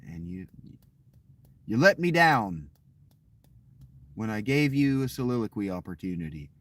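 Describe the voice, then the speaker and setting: A man's voice: on the low side, very animated, measured pace. A man chatting casually with his viewers in a boastful, crude, rambling way. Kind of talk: casual live chat with viewers.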